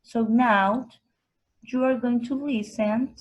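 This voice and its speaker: A woman leads a vocabulary lesson, saying each word twice so students can repeat it. Her voice sits a little high and her pace is slow and deliberate. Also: fairly even intonation, dull audio. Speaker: English teacher.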